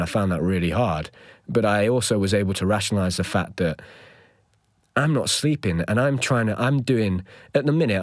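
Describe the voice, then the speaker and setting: A man's voice: fairly low pitch, dry recording, clean studio sound. A young man, a podcast host, telling a candid personal story in an earnest, rambling way with lots of fillers.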